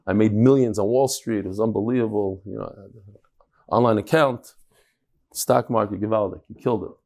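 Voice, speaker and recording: A man's voice: lowish voice, moderate pace, a little mellow, voice pushed down. A man voicing a boastful American man back from prison in a told joke, bragging about his luck.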